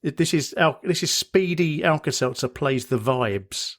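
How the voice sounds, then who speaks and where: A man's voice: on the high side, expressive, measured pace, very noisy. A British man hosting a podcast in casual chat, rambling and correcting himself as he goes. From Britain. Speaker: podcast host.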